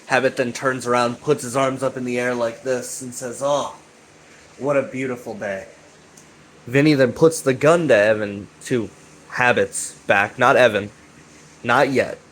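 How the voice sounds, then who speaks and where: Excitable, cussing man rambling through a recap. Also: medium pitch, moderate pace, a little hiss or hum. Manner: excitable, profane, repeats himself and keeps asking "right?". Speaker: YouTube commentator.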